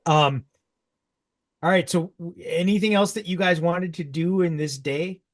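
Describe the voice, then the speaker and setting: A man narrating a tabletop game as game master, halting and restarting often. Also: a little high.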